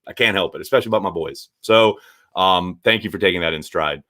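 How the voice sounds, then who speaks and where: A man hosting a casual live stream, reading viewer chat and giving blunt, animated takes with the odd swear. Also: sits low, fast talker. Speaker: sports show host reading viewer chat.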